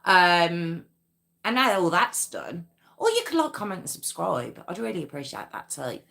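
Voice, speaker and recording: A woman's voice: lowish voice, huge pitch swings, normal speed, vocal fry, a bit bright. A woman hosting a live true crime stream, chatting casually with viewers, giggling and reading out their comments. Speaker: true crime livestream host.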